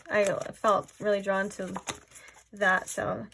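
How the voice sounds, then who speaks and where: A woman giving a casual pick-a-card tarot reading, rambling and filling her talk with "like", often dropping into soft, musing asides. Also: mid-range voice, flat delivery, moderate pace, gravelly, a little hiss or hum. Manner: rambling, heavy use of "like". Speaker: tarot reader.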